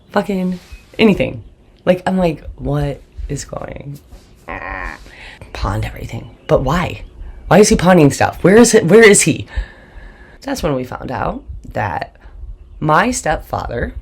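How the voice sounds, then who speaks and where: A woman's voice: low-pitched, husky. A woman hosting her own show, telling a candid personal story in a blunt, emotional way and swearing often. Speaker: host.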